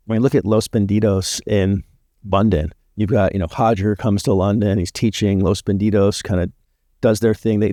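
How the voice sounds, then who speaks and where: Pitched on the low side, his voice comes through clean and studio-dry without any echo. As a guest on a podcast, he unwinds into laid-back anecdotes packed with the word "like."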